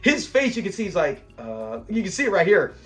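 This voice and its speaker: A man with a high-pitched voice talks through a classic sitcom episode in a loose, chatty way. He sounds enthusiastic and breaks into laughter as he recaps favourite moments, with faint music under him. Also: huge pitch swings, fairly quick, fairly bright tone. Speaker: show review host. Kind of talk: casual episode breakdown commentary.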